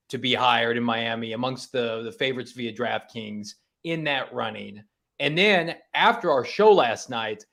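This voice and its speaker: A man's voice: mid-range voice, fairly bright tone. A man co-hosting a sports talk show, casually breaking down betting odds and coaching moves. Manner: analytical, talks through betting odds with restarts.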